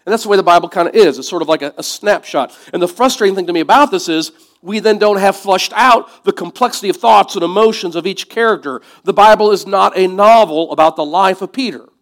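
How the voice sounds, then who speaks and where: A man's voice: high voice, fast, hardly any pauses. Conversational, reflective male preacher. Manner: conversational, reflective, drops to soft asides. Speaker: pastor. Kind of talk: sermon.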